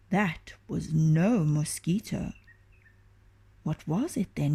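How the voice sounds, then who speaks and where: A woman reading a children's storybook aloud, expressive and often dropping into a hushed whisper. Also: sits low, takes it slowly, husky.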